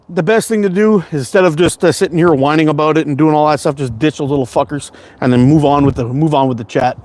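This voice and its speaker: A middle-aged man from Canada hosts a casual livestream, talking in a loose, rambling way. He swears freely and laughs often. His voice sits a little higher than most men's. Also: slight background noise. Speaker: slingshot livestream host.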